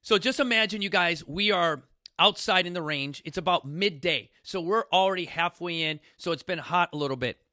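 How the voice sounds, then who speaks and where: A man talks casually to a studio audience, full of energy and acting out bits of his stories. His voice sits high and sounds bright. The recording is dry and close. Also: normal speed, no echo. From New York City. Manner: animated, repeats "you guys", acts out quotes. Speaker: fitness coach hosting a talk.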